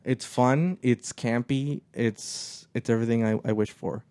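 A man's voice: medium pitch, unhurried. A man hosting a casual movie chat, rambling with frequent restarts and fillers, recorded in a small office. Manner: relaxed, rambling with many restarts.

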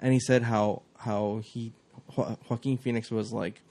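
A man's voice: medium pitch, fairly even intonation, measured pace, mellow. A man hosting a casual chat, talking in loose rambling runs full of likes and restarts. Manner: rambling, many restarts and fillers. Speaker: host.

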